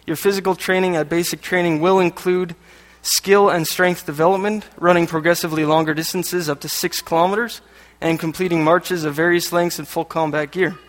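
Speaking fairly quickly in a slightly high voice with fairly even intonation, a Canadian man preaches a sermon as a lay preacher. He reads passages aloud and jokes between them, in a church hall whose echo leaves long reverb.

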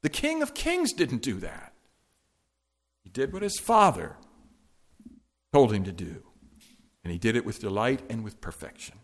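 A male preacher working through scripture in a sermon. His delivery rises to loud, emphatic high points and drops to hushed, low asides. His voice sits at an ordinary middle pitch. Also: wildly swooping pitch, unhurried, pauses often. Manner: expository preaching with wide swings between loud emphatic peaks and quiet asides.

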